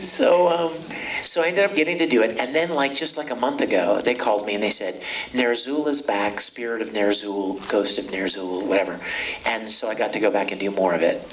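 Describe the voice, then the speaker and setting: A man's voice: on the low side, a little fast. A middle-aged man, a voice actor at a convention panel, talking casually and playfully to fans on a handheld mic. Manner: playful, joking, animated storyteller. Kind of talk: casual panel talk to a fan crowd. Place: convention hall stage. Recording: distant audience recording, noisy hall.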